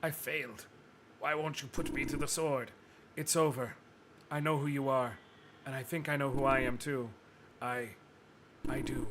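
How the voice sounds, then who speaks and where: A man's voice: mid-range voice, fairly even intonation, moderate pace, background noise, natural voice. A man voicing an arrogant, cruel villainous knight from a game, reading the lines theatrically with music playing behind him. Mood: remorseful. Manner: theatrical, gloating, swings to shouting rage. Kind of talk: dramatic reading of game dialogue.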